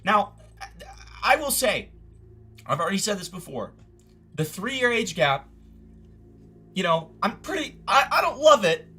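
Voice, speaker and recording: A male host in casual commentary chat, stammering and exasperated as he works through his points. His voice is bright and forceful. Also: sits high, very animated, measured pace, pauses often, slightly rough.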